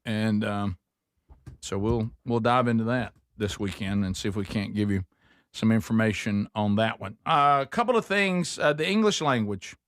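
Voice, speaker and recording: A man's voice: fairly low pitch, lively intonation, normal speed, a bit bright, dry recording. Male show host, folksy casual banter, dry close studio sound. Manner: folksy, filler-heavy, calls co-hosts by name.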